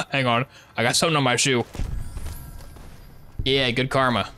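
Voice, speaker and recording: A man's voice: medium pitch, normal speed, long pauses, sharp tone, a little hiss or hum. A man streaming a game live, joking and bantering with the characters as he plays. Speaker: gaming streamer. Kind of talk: live gameplay commentary.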